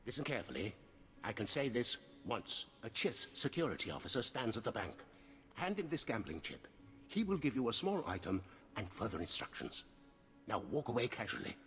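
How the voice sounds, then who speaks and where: An actor voicing a guarded male underworld informant in a video game, giving hushed, curt instructions. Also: medium pitch, big pitch swings, brisk, soft background music. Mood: secretive.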